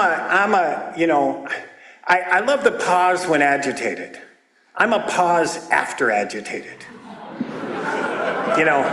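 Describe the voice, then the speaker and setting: An older man giving a comedic talk at a recovery meeting, animated and storytelling, breaking into shouts when acting out scenes. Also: high voice. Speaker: AA meeting speaker. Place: meeting room with audience. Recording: roomy echoing meeting hall.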